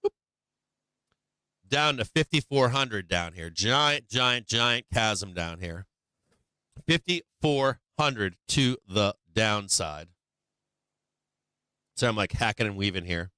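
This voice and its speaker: A man's voice: on the low side, animated, slow, long pauses, bright, forceful tone, clean tone, no echo. A man hosting a stock market live stream, talking through charts live with blunt, swearing remarks and many restarts, a bit worn in the voice as he loses it. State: losing his voice.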